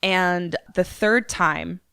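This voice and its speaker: A woman co-host retells a film plot in loose, casual chat, swearing freely. Her voice sits a little low and is recorded dry and close. She tells it like an animated storyteller. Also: extremely slow, creaky, clear, resonant tone, dry recording. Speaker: podcast co-host. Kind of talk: casual movie recap chat.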